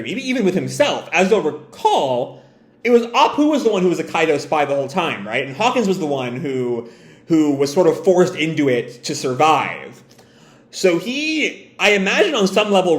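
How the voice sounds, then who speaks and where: A man's voice: on the high side, big pitch swings, moderate pace, fairly bright tone, echoey room. A man casually reading comics aloud, musing and adding commentary with many fillers. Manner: musing, lots of fillers and asides. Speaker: manga reader.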